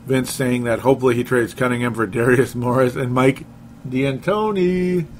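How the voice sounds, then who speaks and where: A man hosting a relaxed sports podcast, reading listener comments aloud and breaking into laughter often. His voice sits at an ordinary middle pitch. A faint hiss runs underneath. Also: moderate pace. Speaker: podcast host. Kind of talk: casual sports chat.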